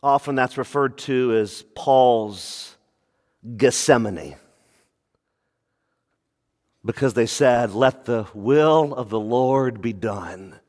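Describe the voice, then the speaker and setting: A male pastor preaching an expository sermon, calling out to the congregation for answers and repeating phrases for emphasis, swinging between quiet asides and raised preaching. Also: mid-range voice, takes it slowly. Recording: long reverb of a large room.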